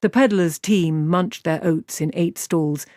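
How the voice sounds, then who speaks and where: Reading an audiobook aloud, a lowish-voiced woman keeps her storytelling even and measured. The sound is clean studio audio with a dry character.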